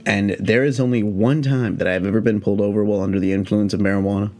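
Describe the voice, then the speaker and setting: A young man with a fairly low voice talks straight into a podcast mic. His storytelling is loose and rambling, full of swearing and easy asides. He keeps a relaxed, offhand pace. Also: quick pace. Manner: rambling, profane, laid-back. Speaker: podcast host. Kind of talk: casual storytelling monologue.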